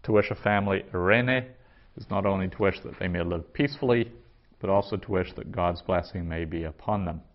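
A man with a fairly low voice teaches a vocabulary lesson, saying each term slowly and twice before he explains it. The recording is dull and lo-fi. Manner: slow, careful pronunciation with repetition. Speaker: Greek teacher.

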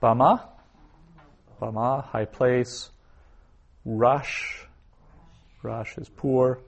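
Slow, low-voiced man teaching vocabulary. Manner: slow, repeats each word twice before glossing it. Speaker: Hebrew teacher. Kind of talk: recorded language lesson.

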